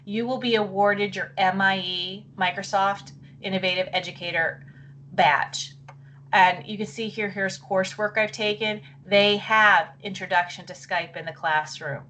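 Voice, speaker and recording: A middle-aged woman presenting a live online session for teachers. She talks in a chatty, apologetic way and thinks aloud while clicking through. Her voice wavers and she keeps clearing her throat. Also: medium pitch, fairly even intonation, unhurried, bright, forceful tone, a little hiss or hum.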